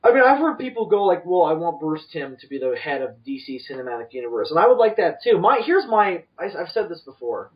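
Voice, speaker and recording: A man's voice: a little high, fast, hardly any pauses. Rambling man on a distant lo-fi mic. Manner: rambling, animated opinions with frequent restarts. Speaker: podcast co-host. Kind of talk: casual chat. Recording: distant, dull lo-fi podcast mic.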